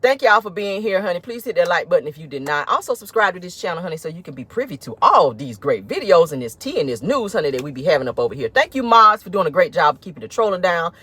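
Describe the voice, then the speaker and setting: A woman streaming celebrity gossip from her car, sassy and animated, calling her viewers honey and child. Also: on the low side, fast, few pauses, slightly rough. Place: inside a car.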